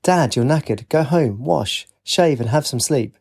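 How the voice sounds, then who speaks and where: A man's voice: medium pitch, lively intonation, measured pace, vocal fry, darkish tone, slightly rough, voice pushed up, exaggerated voice. A man voicing a tired young woman student in an audiobook, teasing and lightly sarcastic.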